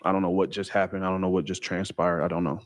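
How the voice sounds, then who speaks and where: A man telling a personal story in a casual, halting way with many fillers and restarts. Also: low-pitched, level tone, no echo. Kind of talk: casual first-person account.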